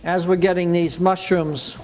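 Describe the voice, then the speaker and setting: A man's voice: sits high, level tone, a little slow, slight background noise. A man leading a cooking demonstration, chatty and enthusiastic as he explains each step in the kitchen. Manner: enthusiastic, chatty, full of praise. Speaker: cooking instructor.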